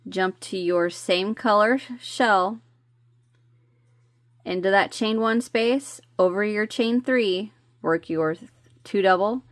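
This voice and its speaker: A woman's voice: medium pitch, no room sound, studio quality. A woman teaching crochet step by step. She talks in a chatty, homey way and counts stitches under her breath. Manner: counts stitches softly, chatty asides, slips on words. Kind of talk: step-by-step craft tutorial.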